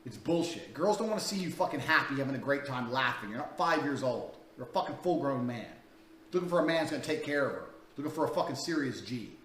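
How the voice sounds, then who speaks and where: A man's voice: medium pitch, animated, quick pace, a bit bright, a little hiss or hum. A man coaching in a crude, blunt, profane way, talking through a paid dating course. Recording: echoey room, distant mic, faint ambience.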